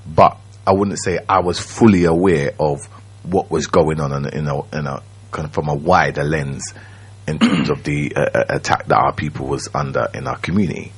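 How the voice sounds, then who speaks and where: A man, telling his own story as a radio guest in a slow, reflective way, often checking that the listener follows. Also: rumbling low, fairly even intonation, husky. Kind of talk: personal storytelling. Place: radio studio.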